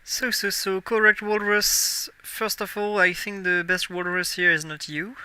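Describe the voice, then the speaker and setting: A man's voice: sits high, flat delivery, a little slow, pushed and bright, clean tone, no room sound. A young man in his twenties with a French accent, a native French speaker chatting casually on a live game stream, musing aloud and correcting himself as he plays. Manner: musing aloud while playing, self-correcting.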